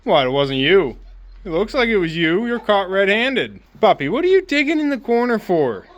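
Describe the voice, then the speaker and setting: Gentle man coaxing his chickens. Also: sits high, sing-song, normal speed, dry recording. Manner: gentle, coaxing, soothing talk to animals. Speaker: homesteader vlogger. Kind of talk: casual talk to his chickens and dog. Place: outdoors and in a chicken coop in winter.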